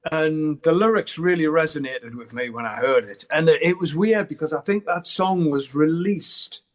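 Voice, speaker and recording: Interview guest: middle-aged man, slightly high voice, rambling and candid, swears freely. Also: moderate pace. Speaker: guest musician. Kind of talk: casual interview chat.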